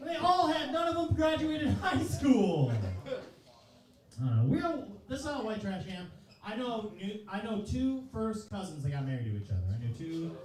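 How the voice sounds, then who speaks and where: A man's voice: high-pitched, very animated, normal speed, darkish tone, very echoey, recorded from a distance, low-quality recording. A man in his thirties doing a loose, profane, self-mocking stand-up comedy set in a comedy club. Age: 30s. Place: comedy club stage, live audience.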